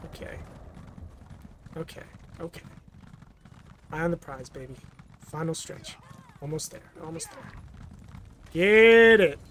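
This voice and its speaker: A man's voice: on the high side, lively intonation, takes it slowly, long pauses, background noise. A man giving casual let's play commentary as he games, talking to himself in a jokey, self-mocking way.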